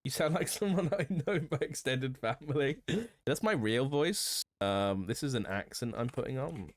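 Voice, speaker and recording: A man's voice: medium pitch, moderate pace, no room sound. A young man streaming a roleplay game, chatting casually, thinking aloud, swearing now and then and laughing. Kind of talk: casual gameplay chat.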